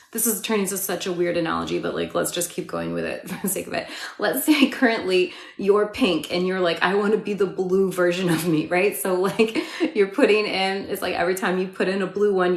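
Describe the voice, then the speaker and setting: A woman coaching viewers in a casual live-stream chat, peppering her talk with "like" and "right?" and laughing often. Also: medium pitch. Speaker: manifestation coach. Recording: roomy echo.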